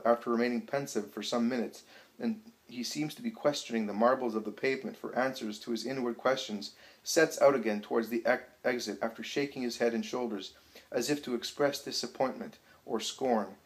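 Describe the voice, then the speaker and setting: A man reads a book aloud at a measured pace, now and then tripping over a word. His voice sits at a middling pitch. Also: low-quality recording. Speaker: narrator.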